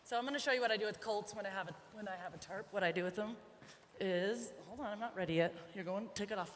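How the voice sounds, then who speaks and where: A woman horse trainer giving a live riding demonstration, chatting, joking and softly coaxing her young horse. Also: mid-range voice, fast. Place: large indoor arena. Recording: echoey arena with faint background noise.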